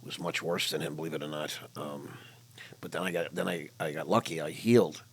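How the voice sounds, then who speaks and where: A man's voice: rumbling low, steady tone, brisk, slightly rough. An older man hosting a casual interview, talking bluntly and candidly about his own past. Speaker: podcast host.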